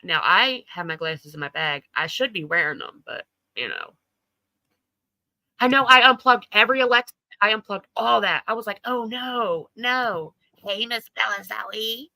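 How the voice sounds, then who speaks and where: A woman's voice: mid-range voice, expressive, moderate pace, gravelly, bright, forceful tone, no echo, low-quality recording. A woman hosting a casual livestream chat, talking loosely, laughing often and swearing freely. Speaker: livestream host.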